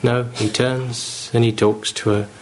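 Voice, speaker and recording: A man's voice: medium pitch, level tone, measured pace, a little hiss or hum. A man preaching a sermon, earnest and pleading, building to fervent emphasis. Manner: earnest, pleading, rising with fervour.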